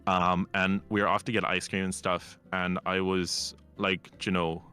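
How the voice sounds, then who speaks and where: A man's voice: deep voice, little pitch movement, measured pace, pushed and bright, clear, resonant tone, soft background music. A man from Ireland, chatting on a stream and telling stories in a cocky, teasing way. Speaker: collab guest streamer. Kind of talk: casual chat.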